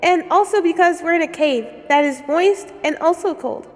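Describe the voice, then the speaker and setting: A streamer in the role of a bear teaches a relaxed lesson despite a sore throat, giggly, self-conscious, and prone to rambling. She speaks at a normal speed in an extremely high voice, recorded with long reverb and music behind her.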